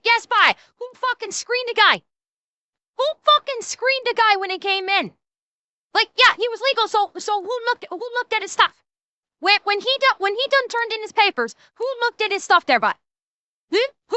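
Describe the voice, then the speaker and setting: Very high, bright-voiced ranting woman. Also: lively intonation, normal speed, dry recording. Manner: profane, stammering, heated ranting. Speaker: streamer. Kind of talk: reaction stream commentary.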